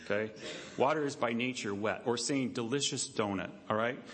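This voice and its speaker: A pastor preaching to his church in an animated, conversational way. His voice sits at a middle pitch for a man and drops low and soft to stress a point. He acts out the quoted voices with big leaps in pitch. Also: moderate pace. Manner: drops low and quiet for emphasis. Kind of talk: sermon. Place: church sanctuary.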